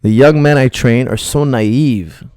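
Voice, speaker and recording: A man's voice: medium pitch, a little slow, darkish tone, smooth, dry recording, clean studio sound. A middle-aged man, a martial arts coach, bluntly rambling through viewer questions on a live stream.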